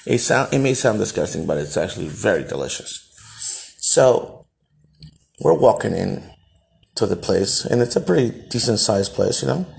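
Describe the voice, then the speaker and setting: A man from El Salvador holds forth on his podcast in a low, gravelly voice. He tells his story bluntly, swears freely and often restarts his sentences as he goes. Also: big pitch swings, normal speed, darkish tone. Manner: blunt, profane, emphatic, with frequent restarts. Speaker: podcast host.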